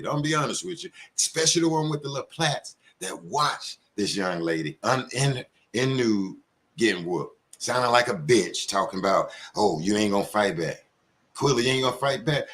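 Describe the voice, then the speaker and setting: A man in rants on a live commentary stream. His voice sits at a middle pitch, and he swings between outrage, mockery and cursing. He mimics the people he attacks with put-on quotes. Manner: angry, profane, animated, mocking with put-on quotes. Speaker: commentary show host. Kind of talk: heated live commentary rant.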